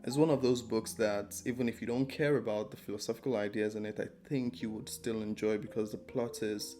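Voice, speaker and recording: A man's voice: fairly low pitch, steady tone, a little fast, mellow, soft background music. A man giving a casual spoken book review, rambling and hesitant with many ums and restarts.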